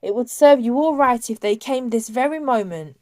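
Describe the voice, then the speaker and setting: Woman reading a scolding ghost girl, higher and sharper than narration, mellow base tone. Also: expressive, normal speed, no echo, natural voice. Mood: indignant. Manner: scolding, indignant.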